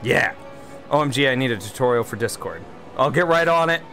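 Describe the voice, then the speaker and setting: A man's voice: mid-range voice, expressive, brisk, pushed and bright, soft background music. Wry, chatty man streaming a game. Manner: chatty, wry, reads and answers viewer chat aloud. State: one beer in, slightly tipsy. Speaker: livestream gamer host. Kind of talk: casual livestream chat.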